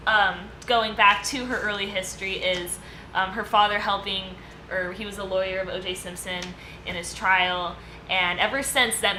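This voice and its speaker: A woman co-hosting a casual podcast discussion, presenting her segment in a loose, chatty way with lots of fillers and easy laughter. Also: medium pitch. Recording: echoey room with steady background noise.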